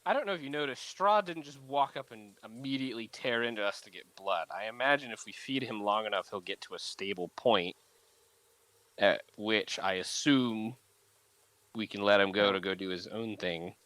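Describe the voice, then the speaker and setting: A man's voice: lowish voice, moderate pace, fairly bright tone, no room sound, low-quality recording. A man playing a tabletop game, chatty and playful, slipping into in-character banter. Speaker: player.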